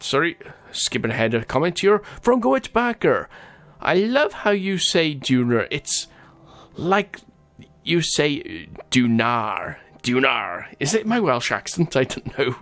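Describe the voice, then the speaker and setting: A man hosting a gaming channel, chatting casually over gameplay as he reads out viewer comments, often stumbling over names and laughing. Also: mid-range voice.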